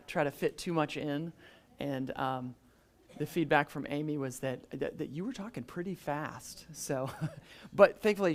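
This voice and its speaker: A man leading a Sunday school class with a fairly high voice in a church classroom. He talks casually, full of "um"s and restarts, and keeps asking the group questions. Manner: conversational, many "um"s and restarts, quizzes the class.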